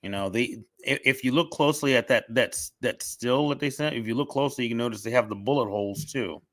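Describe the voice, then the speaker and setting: A man's voice: medium pitch, fast, fairly bright tone, no room sound. A man chatting casually on a podcast, opinionated and restarting often, with a cough drop in his mouth. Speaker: podcast guest. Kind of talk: casual chat.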